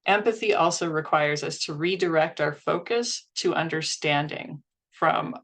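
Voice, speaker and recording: A woman's voice: low-pitched, unhurried. A woman presenting a workshop in an earnest, instructional way, acting out inner thoughts as she teaches.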